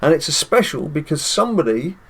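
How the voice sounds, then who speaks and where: A man's voice: fairly high pitch, very animated, a little fast, a little hiss or hum. Chatty British man narrating gameplay. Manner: chatty, addresses viewers, chuckles often. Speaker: gaming channel host. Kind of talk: casual gameplay commentary.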